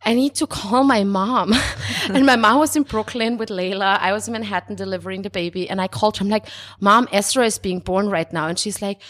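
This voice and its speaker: A woman in her thirties, a podcast guest telling a personal story in casual chat, lively and laughing often as she quotes herself. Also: medium pitch, brisk, hardly any pauses.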